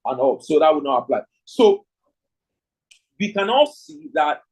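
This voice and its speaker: Husky man teaching a leadership class. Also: on the high side, wildly swooping pitch, a little slow, darkish tone, low-quality recording. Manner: thinking aloud, frequent "right?" tag questions; reads participants' chat answers. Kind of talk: online class lecture with audience questions.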